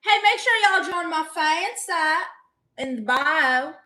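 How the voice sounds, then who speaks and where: A woman's voice: high-pitched, lively intonation, slow pace, bright, forceful tone. A woman doing a comedic livestream in character, brash and playfully boastful as she reads out chat messages.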